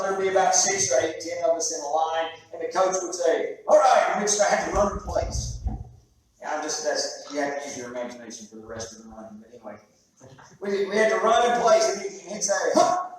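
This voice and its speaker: A man delivers a sermon in a relaxed storytelling way, often restarting his sentences. His voice is high, and it comes from well back from the mic in a strongly reverberant church room. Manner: storytelling, conversational with halting restarts. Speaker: preacher. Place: church sanctuary. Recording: very echoey room, heard from a distance.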